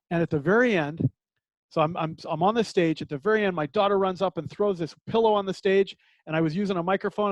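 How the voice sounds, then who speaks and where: A man's voice: sits high, no room sound, low-quality recording. A middle-aged man telling a personal story to a support group over a video call, candid, earnest and self-deprecating.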